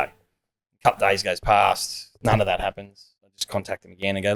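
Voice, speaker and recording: A man's voice: lowish voice, steady tone, a little fast, gravelly, a bit bright. A man, a podcast host telling rambling anecdotes in casual chat and acting out the people in them.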